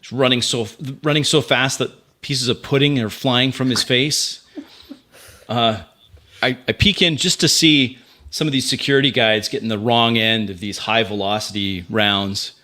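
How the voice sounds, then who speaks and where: A man's voice: mid-range voice, fairly even intonation, normal speed, pushed and bright. A man playing a tabletop role-playing game, narrating his character's moves in a vivid, playful way. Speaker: player.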